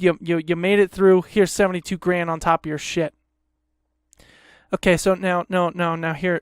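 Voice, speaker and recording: A man's voice: high voice, little pitch movement, normal speed, clear, resonant tone, dry recording, studio quality. A young man hosting a solo podcast, ranting with lots of swearing, rambling and self-deprecating. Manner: profane, exasperated ranting. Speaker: podcast host.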